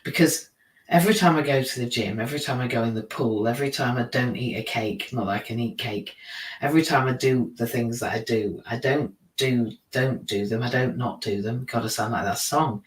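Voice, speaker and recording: A man's voice: medium pitch, brisk. A man hosting a live stream in a casual, rambling, self-deprecating monologue, laughing often at his own slips. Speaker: teacher. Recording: roomy, from a distance.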